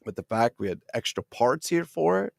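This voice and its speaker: A middle-aged man with a New Jersey accent hosts a casual livestream, excitable and profane, rambling as he reads out chat comments. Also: mid-range voice, normal speed, creaky, dry recording, studio quality. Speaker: toy collector livestream host.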